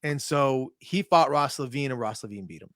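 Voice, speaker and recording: Animated storytelling man, dry close sound. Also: mid-range voice, moderate pace, no echo. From Minnesota. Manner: animated storyteller, acts out quotes. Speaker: podcast guest, point fighter. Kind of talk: casual chat.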